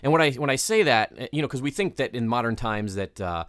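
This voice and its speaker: A man's voice: medium pitch, expressive, quick pace, a bit bright. A man co-hosting a casual podcast, winding through a setup with plenty of fillers and restarts. His voice sits in a plain middle range. The sound is dry and close, with no room echo. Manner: rambling, filler-heavy setup with many restarts. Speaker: podcast co-host. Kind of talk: casual chat.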